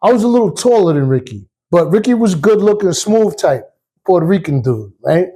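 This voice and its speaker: Streetwise New ex-cop in his fifties spinning a yarn; husky, dark-toned voice. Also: high voice, very animated, a little fast. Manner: streetwise, casual, acts out voices. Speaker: retired police officer. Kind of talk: personal storytelling.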